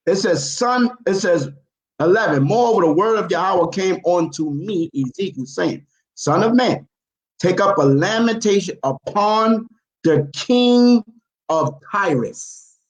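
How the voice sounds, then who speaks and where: A man's voice: high-pitched, animated, measured pace. Man, heated scripture debate, insistent, repeats himself, echoey audio.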